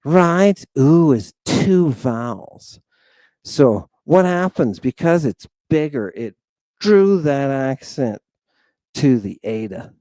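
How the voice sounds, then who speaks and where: Unhurried male Greek teacher with a warm, mellow tone and a dry, close sound; chatty, joking at himself, and he stretches out each word he drills. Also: mid-range voice, sing-song, no room sound. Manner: chatty, self-mocking, keeps asking "right?"; drawn-out, emphatic pronunciation drills. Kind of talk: recorded online language lecture.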